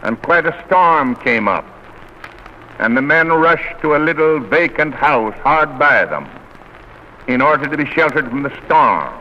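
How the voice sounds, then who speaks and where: A man preaching in a slightly high voice, earnest and measured like an old-time orator. The sound is dull and lo-fi, an old radio recording with faint hiss underneath. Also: animated. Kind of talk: sermon.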